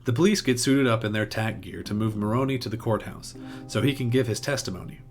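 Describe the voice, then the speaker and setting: A man narrating a plot outline in a steady recap tone, with the odd small restart. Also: on the low side, quick pace, soft background music. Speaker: video essay host.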